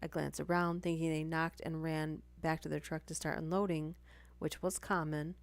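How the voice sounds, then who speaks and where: Low-voiced woman reading stories live. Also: flat delivery, moderate pace, vocal fry, no room sound. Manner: reads aloud, breaking off for chatty asides and apologies. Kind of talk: casual live-stream story reading.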